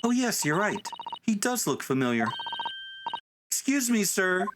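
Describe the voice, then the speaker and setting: A man voicing a polite, earnest young woman assistant in a game read-through, in a gentle, excitable falsetto. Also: unhurried, noisy background. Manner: gentle, excitable, high-pitched. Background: game music.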